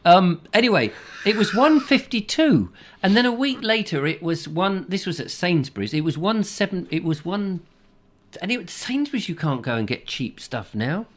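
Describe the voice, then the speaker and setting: A man's voice: high-pitched, sing-song, moderate pace. A man hosting a casual comic chat show, rambling and joking, often trailing off mid-sentence. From England. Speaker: show host.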